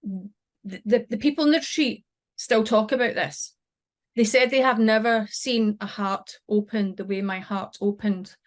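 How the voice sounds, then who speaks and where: A middle-aged woman, a podcast guest, recounting a personal experience in an emotional, halting way with many restarts. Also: medium pitch. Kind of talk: personal storytelling.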